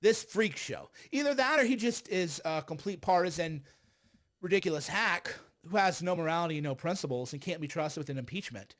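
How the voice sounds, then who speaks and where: Heated high-voiced male livestream commentator. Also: animated, a little fast, a bit bright. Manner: heated, rambling, sarcastic. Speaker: political commentator. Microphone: streaming setup.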